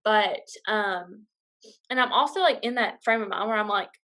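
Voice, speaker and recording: A woman's voice: medium pitch, normal speed, pushed and bright. Chatty young woman telling a story. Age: young adult. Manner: chatty, many fillers. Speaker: vlogger. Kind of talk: casual storytelling.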